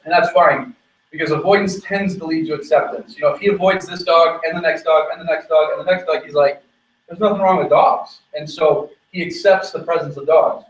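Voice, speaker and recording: A man working as a dog trainer, explaining his method while giving quick commands to a dog during an on-location training demonstration. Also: fairly high pitch, steady tone, roomy sound, recorded from a distance, highs cut off.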